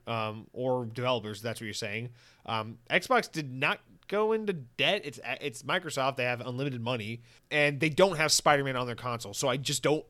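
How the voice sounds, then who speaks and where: A young man hosting a podcast, reading listener comments in a rambling, profane, animated way on a close mic. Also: mid-range voice. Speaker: podcast host.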